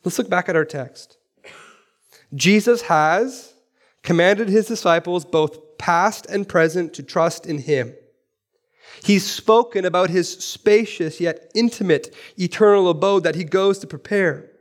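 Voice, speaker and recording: A pastor with a high voice preaches a sermon in a church at an unhurried pace. He's animated, asking rhetorical questions and repeating phrases for emphasis.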